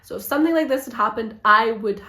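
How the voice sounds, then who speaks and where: A woman's voice: on the high side, fast, pushed and bright. Prim, precise female librarian, lightly put on by a woman. Echoey room. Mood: assured. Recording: roomy echo.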